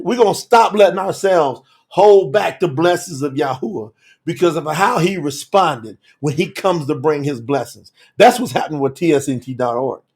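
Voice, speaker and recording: A man's voice: on the high side, breathy edge. A man teaching scripture on a live telethon, preaching with exuberant commentary, laughing often and calling out viewers by name.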